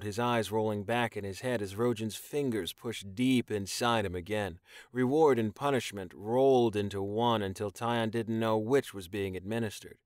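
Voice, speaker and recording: A man reading an audiobook in even, measured scripted narration. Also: fairly low pitch, clear, resonant tone, no room sound, studio quality.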